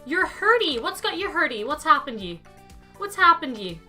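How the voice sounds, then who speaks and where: A woman's voice: high-pitched, big pitch swings, brisk, bright, forceful tone, soft background music. A young woman chatting casually to her live-stream viewers while playing a game, thinking aloud and answering chat by name.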